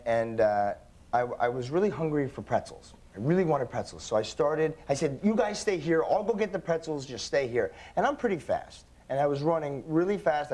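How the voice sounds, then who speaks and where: Talk show guest: young male actor, lively storyteller, fairly high voice. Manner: animated storyteller, acting out voices in his anecdotes. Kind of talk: casual talk show anecdote.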